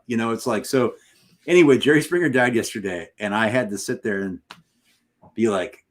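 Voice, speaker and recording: A middle-aged man, a high school teacher, telling a long, animated anecdote in casual chat with restarts and loud bursts. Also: moderate pace. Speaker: podcast co-host. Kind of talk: casual storytelling on a sports stream.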